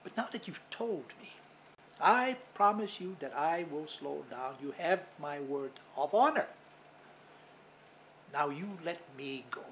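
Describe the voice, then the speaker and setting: A man's voice: fairly high pitch, lively intonation, slow, fairly bright tone, a little hiss or hum, full character voice. A man voicing the sun as a proud, dishonest male spirit in a legend, haughty and falsely pleading. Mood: wheedling.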